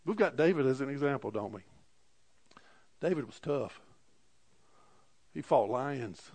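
A man preaching a sermon to a congregation, impassioned, repeating amen, with sudden swings between loud bursts and quiet asides. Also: mid-range voice, lively intonation, unhurried. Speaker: pastor.

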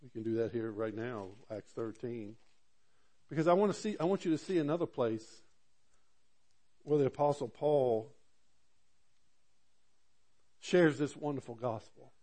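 A man preaching a sermon, reading scripture in a rising, loud voice and then dropping to quiet asides, with frequent repeated words and restarts. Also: medium pitch, lively intonation, measured pace, long pauses. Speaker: pastor.

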